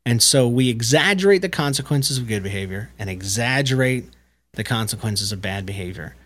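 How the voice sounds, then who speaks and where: A man in his thirties co-hosts a relaxed parenting podcast. His voice sits in a middle register, and he speaks earnestly, laying out his reasoning step by step. He often restarts his phrases as he thinks aloud. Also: medium pitch, fairly quick. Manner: earnest, explanatory, with frequent restarts. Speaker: podcast co-host. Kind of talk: casual parenting chat.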